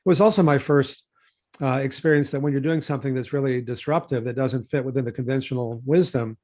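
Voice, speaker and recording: A man in his sixties from Texas talks through his memories in an easygoing, rambling way. He keeps circling back with "uh" and "you know" and restarts his sentences, but his voice stays even and of middling pitch. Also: fast talker. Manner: relaxed, digressive, many fillers and restarts. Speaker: physician and researcher. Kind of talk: conversational interview storytelling.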